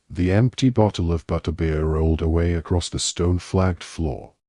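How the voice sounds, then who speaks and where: Low husky man, steady audiobook narration, dry close sound. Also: dry recording. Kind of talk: scripted narration.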